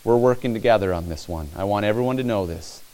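A man preaching, voicing Jesus in a calm, quiet, gentle way as he retells a gospel story. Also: lowish voice, fast, pitched below the performer's own voice, natural voice. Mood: gentle, reassuring. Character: calm, reassuring grown man, a retold Jesus.

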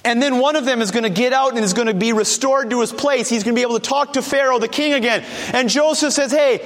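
A male preacher tells a story with dramatic rhetorical questions. His voice sits high. The long reverb of a large hall trails his words. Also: quick pace, a bit bright. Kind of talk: sermon storytelling.

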